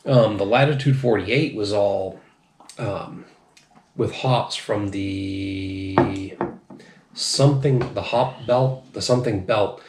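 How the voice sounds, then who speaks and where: A man's voice: lowish voice, takes it slowly, darkish tone, a little hiss or hum. A man hosting a casual beer review, tipsy and rambling, swearing and laughing as he talks. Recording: echoey room.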